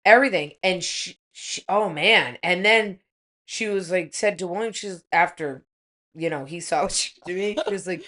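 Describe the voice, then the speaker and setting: A woman's voice: on the low side, normal speed, a bit bright. Blunt, profane middle-aged woman. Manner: blunt, profane, laughing storyteller. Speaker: podcast guest. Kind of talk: casual chat.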